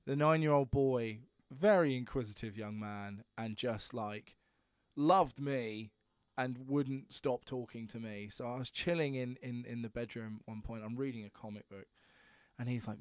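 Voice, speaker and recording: A man chatting casually as a podcast co-host, crude and animated when he tells stories. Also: mid-range voice, moderate pace, smooth, no room sound, studio quality. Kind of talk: casual chat.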